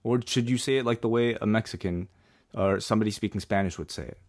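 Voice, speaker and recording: A man co-hosting a casual chat podcast while sick, animated and hesitant, often restarting his sentences. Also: on the low side, fast, no room sound, studio quality. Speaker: podcast co-host.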